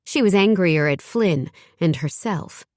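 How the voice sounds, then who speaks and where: A woman narrating an audiobook in a measured storytelling manner. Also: fairly low pitch, lively intonation, a little mellow, no room sound, clean studio sound. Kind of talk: scripted narration.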